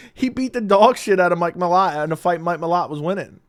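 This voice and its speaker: Man, fight predictions, casual monologue, blunt, profane, laughs a lot, smooth voice. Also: high-pitched, brisk. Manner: blunt, profane, laughs often, animated swings in loudness. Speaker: MMA predictions commentator.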